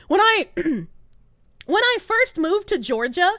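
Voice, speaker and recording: A woman's voice: extremely high pitch, slow, no room sound, studio quality. A young woman from Boston, live-streaming in casual chat and ranting with lots of swearing. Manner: animated, profane ranting.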